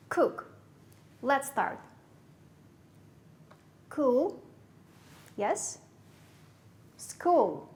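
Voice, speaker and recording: A woman with a Kyrgyz accent teaching English to young pupils, slowly repeating and spelling out words. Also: on the high side, darkish tone.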